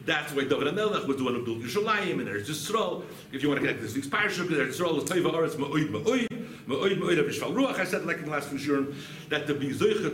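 A man teaching a Talmud lesson as a rabbi, animated and often asking rhetorical questions with a quick "right?". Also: fairly high pitch. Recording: echoey room with faint background noise.

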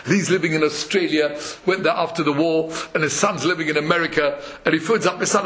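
A man's voice: fairly high pitch, fast talker, few pauses. A man giving a Torah sermon, chanting verses and acting out parables with frequent chuckles. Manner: animated, chants verses, acts out quotes, chuckles often. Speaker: Torah lecturer.

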